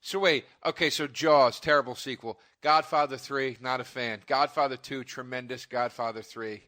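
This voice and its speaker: A man's voice: mid-range voice, fairly even intonation, moderate pace, bright, forceful tone. A man, a comedian co-hosting a casual chat, telling profane stories and acting out other people. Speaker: comedian co-host.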